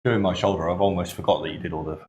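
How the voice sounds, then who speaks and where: A man's voice: low-pitched, steady tone, racing, darkish tone. An Englishman chatting on a tattoo studio livestream, teasing and swearing casually. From England.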